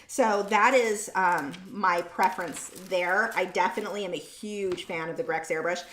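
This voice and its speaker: A woman's voice: lowish voice, normal speed, a bit bright, slight background noise. A woman hosting a casual painting livestream, chatting in a rambling way and correcting herself mid-sentence. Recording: roomy room sound.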